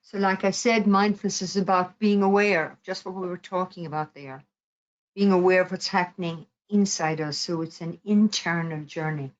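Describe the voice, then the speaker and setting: Calm low-voiced woman teaching mindfulness. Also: moderate pace, lo-fi sound. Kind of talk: guided mindfulness talk.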